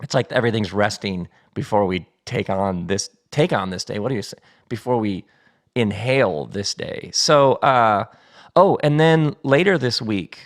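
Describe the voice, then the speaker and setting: A man's voice: lowish voice, normal speed. A middle-aged man hosting a casual solo podcast from his kitchen table, chatty and playful, laughing easily. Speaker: podcast host. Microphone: studio mic set up at the table.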